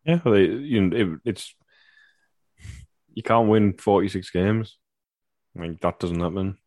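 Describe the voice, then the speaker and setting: A man's voice: low voice, a little slow, a little mellow, dry recording, clean studio sound. A man co-hosting a football podcast, talking in a rambling, conversational way. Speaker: podcast host. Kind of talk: casual podcast chat.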